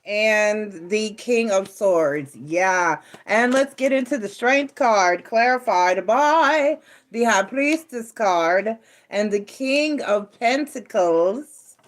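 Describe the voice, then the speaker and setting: A woman's voice: mid-range voice, expressive, takes it slowly. A woman from New York with a Southern American accent, doing a casual tarot reading at home, chatty and often laughing. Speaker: tarot reader.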